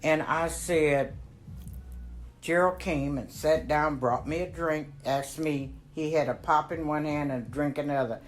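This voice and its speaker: An older woman telling family stories in casual conversation, animated and profane, acting out what people said and breaking into low laughs. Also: unhurried. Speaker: family storyteller. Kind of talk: casual storytelling.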